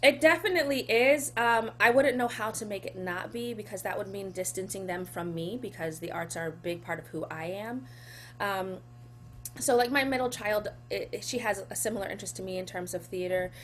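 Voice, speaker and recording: A woman's voice: medium pitch, fairly quick, a little hiss or hum. A woman in her forties, an actress and poet, talking casually in an interview, laughing often and getting emotional about her children. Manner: warm, laughs often, emotional when speaking of her son. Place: home.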